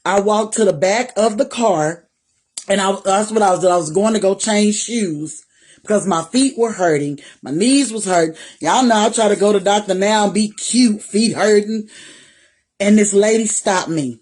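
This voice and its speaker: A woman's voice: mid-range voice, moderate pace, a little mellow. A woman vlogger speaking straight to her viewers in a personal testimony, faith-filled and encouraging, repeating phrases for emphasis. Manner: talks directly to viewers.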